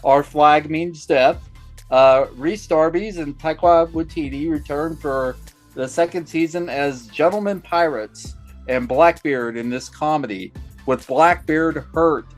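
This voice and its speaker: A man's voice: on the high side, a little slow, soft background music. A man co-hosting a podcast, chatting in an easygoing, hesitant way with plenty of fillers. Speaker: podcast co-host. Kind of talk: casual banter.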